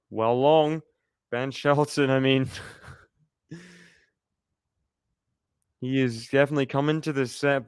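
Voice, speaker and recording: A man's voice: medium pitch, smooth, dry recording, clean studio sound. A man hosting a live stream, giving casual play-by-play tennis commentary and chatting with viewers while reacting and laughing often.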